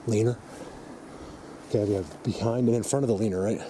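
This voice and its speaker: A man's voice: fairly low pitch, fairly quick, dark tone. Insistent man filming outdoors in a forest. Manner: insistent, emphatic, talks straight to viewers. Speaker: vlogger, Bigfoot field researcher. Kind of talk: walk-and-talk field vlog. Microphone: camera mic while filming. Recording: outdoor ambience, noisy, faint vehicle.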